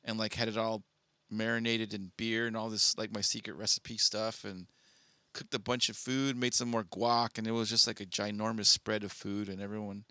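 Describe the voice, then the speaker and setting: A young man co-hosting a podcast, telling a rambling, filler-heavy story in a relaxed way. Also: lowish voice, moderate pace, no room sound. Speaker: podcast co-host. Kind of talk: casual storytelling chat.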